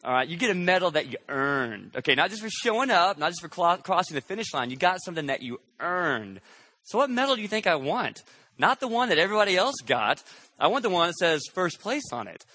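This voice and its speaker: A man's voice: a little high, pushed and bright. A man preaching a conversational sermon as pastor, often checking in with the congregation through rhetorical questions.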